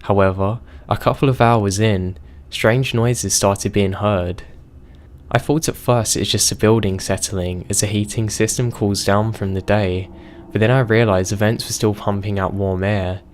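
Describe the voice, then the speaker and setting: A man reading reader-submitted horror stories aloud as a scripted narration, in a steady, measured way. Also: lowish voice, slight background noise.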